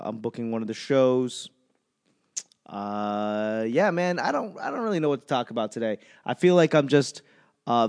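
A man in his thirties hosting a casual solo podcast, rambling and self-mocking with plenty of swearing. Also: medium pitch. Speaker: podcast host.

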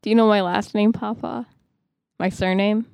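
A woman speaking as a player in a tabletop game, halting, with restarts. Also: mid-range voice, steady tone, vocal fry, a little mellow, smooth, dry recording. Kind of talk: casual role-play.

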